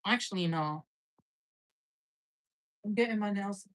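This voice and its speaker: A woman's voice: mid-range voice, slow pace. A woman giving a casual live-stream tarot reading, chatty and loose, peppering her talk with "like" and "right?" and the odd swear word. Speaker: tarot reader.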